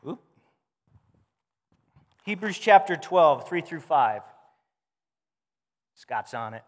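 A man preaching a sermon as pastor, talking to the congregation in a conversational, animated way. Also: a little high, takes it slowly. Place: church hall. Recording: long hall reverb.

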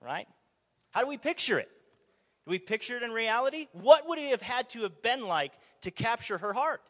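Man, preacher, high voice, conversational sermon, rhetorical questions to the crowd, long hall reverb. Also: normal speed. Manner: animated, asks the audience rhetorical questions.

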